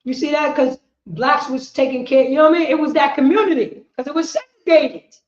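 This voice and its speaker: A woman teaching a history class, lecturing emphatically, repeating herself and rising to shouts. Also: high-pitched, brisk. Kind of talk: street-preaching lecture. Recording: roomy, dull lo-fi sound.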